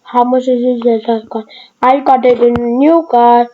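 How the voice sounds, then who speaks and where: A woman giving casual, rambling gameplay commentary in short excited bursts. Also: a little high, moderate pace, phone-quality sound. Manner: excitable, rambling, broken phrasing. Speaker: gaming video creator.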